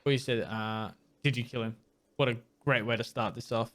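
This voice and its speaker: Reading game text aloud for a let's play, a man delivers it plainly while adding dry, wry asides and occasionally tripping over hard words. His tone is fairly bright, his pitch medium, his intonation fairly even, and his pace moderate.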